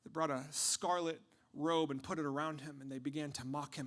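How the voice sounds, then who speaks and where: A man delivering a dramatic first-person storytelling monologue, impassioned, swinging from hushed tones to shouting. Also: on the high side, steady tone, a little fast.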